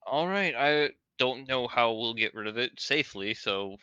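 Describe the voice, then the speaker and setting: A man's voice: mid-range voice, lively intonation, moderate pace, sharp tone, clear, resonant tone, lo-fi sound. A man playing in a tabletop game, talking casually and eagerly. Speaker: player.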